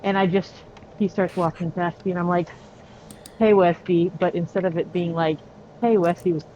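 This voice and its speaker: A woman chatting casually, telling a story slowly and bluntly with swearing. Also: fairly low pitch, little pitch movement, darkish tone, lo-fi sound, a little hiss or hum. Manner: slow, swearing, drawn-out storyteller. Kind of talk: casual chat.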